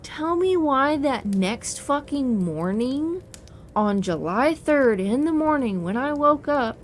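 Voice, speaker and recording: With slow delivery and a high, expressive voice, a young adult woman shares a creepy story from her own life, laughing and swearing casually as if posting to social media. Faint spooky piano music sits in the background, and there's a little hiss or hum.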